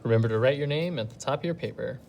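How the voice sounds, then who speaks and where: A woman's voice: very deep voice, racing, vocal fry, darkish tone, a little hiss or hum. A woman teacher giving a recorded reading lesson to young pupils at home. She talks patiently and thinks aloud step by step. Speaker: elementary school teacher.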